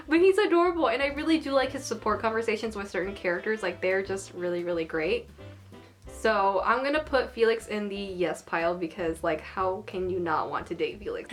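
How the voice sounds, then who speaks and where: A fairly high-voiced young woman chats in a loose, giggly way, piling on "like" as she gushes. Soft music plays faintly under her voice. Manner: gushing and giggly, lots of "like". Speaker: anime vlogger. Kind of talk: casual chat, ranking characters.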